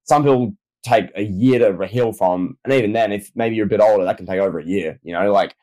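A man's voice: lowish voice, a little fast, mellow, low-quality recording. Laid-back man in slangy banter. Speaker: co-host. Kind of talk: casual chat.

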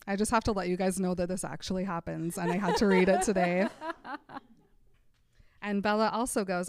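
A woman's voice: mid-range voice, steady tone, brisk, long pauses, darkish tone. A woman co-hosting a podcast, retelling scenes in casual chat, laughing often and slipping into the characters' quoted lines. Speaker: podcast co-host.

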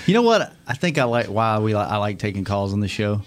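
A man hosting a sports talk show, taking calls in a relaxed way and laughing easily. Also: fairly low pitch, moderate pace.

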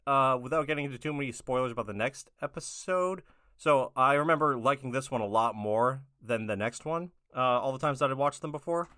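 Guy co-hosting a podcast, relaxed dry recap, mid voice, dead dry mic. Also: mid-range voice, brisk, no echo. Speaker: podcast co-host. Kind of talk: casual chat recapping a cartoon episode.

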